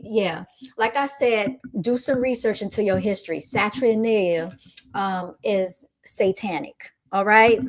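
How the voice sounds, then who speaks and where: A woman's voice: medium pitch, moderate pace. A young woman hosting a casual livestream, reading viewer comments aloud and answering them with amused, laughing retorts. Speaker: livestream host reading chat.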